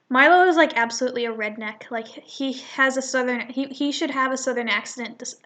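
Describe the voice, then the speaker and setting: A young woman casually reads a fan comic aloud, doing voices, in a chatty way while often stumbling over words and correcting herself. Her voice is a little high and fairly bright, and she speaks briskly with few pauses.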